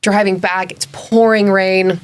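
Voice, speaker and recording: A woman co-hosting a podcast, telling an animated story in casual chat and laughing as she talks. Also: mid-range voice, measured pace. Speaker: podcast co-host.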